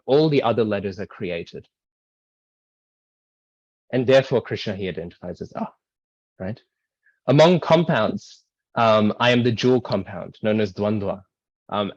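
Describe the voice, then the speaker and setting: A man's voice: on the low side, no room sound, highs cut off. A man explaining a scripture verse in a casual online class, with many ums and rhetorical "right?" checks. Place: online video call.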